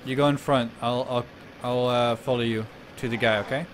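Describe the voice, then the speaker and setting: A man hosting a gaming video, excitable and swearing often while playing. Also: medium pitch, normal speed, a little hiss or hum. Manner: excitable, swearing, laughs a lot. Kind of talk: gameplay commentary.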